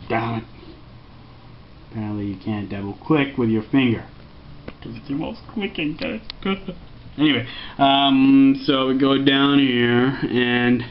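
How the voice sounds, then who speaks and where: A man's voice: mid-range voice, slight background noise. A man walking through a casual tech tutorial, rambling and joking, sometimes putting on mock voices for what the computer says. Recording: dull lo-fi home recording with faint music.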